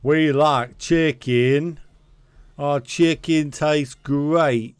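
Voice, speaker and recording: A man doing a playful impression of an American woman's text-to-speech voice, with a slow, drawn-out American accent. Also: on the high side, fairly even intonation, clear, resonant tone, dry recording, studio quality. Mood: mock-cheerful. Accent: American (imitated).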